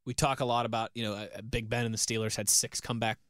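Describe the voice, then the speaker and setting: Quick, bright-voiced male sports host. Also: medium pitch, level tone, no echo, studio quality. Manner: rambling, repeats words while thinking. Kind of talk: casual sports talk.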